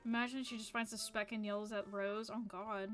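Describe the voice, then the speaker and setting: A woman streamer giving chatty, excitable commentary while playing a game. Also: medium pitch, normal speed. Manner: excitable, chatty, reacts loudly. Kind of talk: casual game-play commentary. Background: faint game music.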